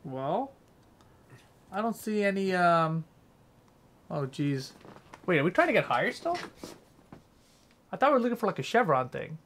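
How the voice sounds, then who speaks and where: A man's voice: high voice, very animated, normal speed, long pauses, a bit bright. A young man streaming a game, rambling casually and swearing while chatting with his viewers. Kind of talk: casual gameplay commentary.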